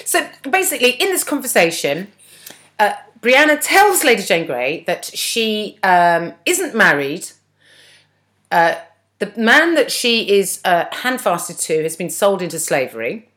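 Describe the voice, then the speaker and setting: A woman's voice: mid-range voice, sing-song, a little slow, a bit bright. A woman co-hosting a podcast, chatting and mocking as she recaps a TV episode and acts out lines. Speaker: podcast co-host. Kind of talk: casual chat recapping a TV episode.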